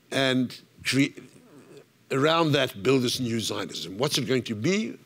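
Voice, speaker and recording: A man giving an earnest conference talk in short declarative statements. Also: medium pitch. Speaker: panel speaker. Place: conference room.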